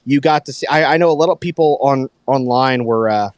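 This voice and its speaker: A man on a headset mic, hosting a casual movie talk and acting out quotes with lively energy. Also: mid-range voice, fairly quick, dry recording. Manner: animated, acts out quotes, talks to his dog. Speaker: podcast host.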